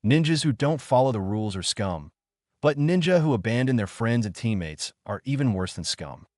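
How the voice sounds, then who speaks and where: A man's voice: medium pitch, expressive, normal speed, darkish tone, no room sound, clean studio sound, lightly acted. A man voicing a jaded adult ninja teacher who growls and broods, in a storybook reading. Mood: solemn.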